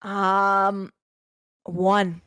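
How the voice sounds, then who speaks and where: A young woman being interviewed about her life, answering in a halting, unhurried way with plenty of fillers. Her voice sits at an ordinary pitch and sounds dry and close to the mic. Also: flat delivery, smooth, dry recording. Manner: hesitant, halting, with fillers and soft laughs. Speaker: streamer guest.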